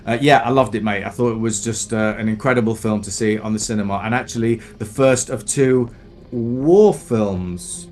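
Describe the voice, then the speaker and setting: A relaxed man runs through his favourite films in a casual podcast chat, pausing often on "uh" and "um". His voice sits on the low side, and a faint rumble hangs under the recording. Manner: relaxed, hesitant with frequent "uh" and "um". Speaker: podcast co-host.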